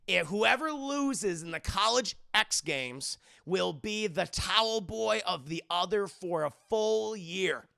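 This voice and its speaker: A man's voice: high-pitched, lively intonation, takes it slowly, gravelly, hardly any pauses, bright, forceful tone, no room sound, studio quality, heavily acted. A man voicing a smug, rich male college frat bully who talks down to others in an oily, sneering way.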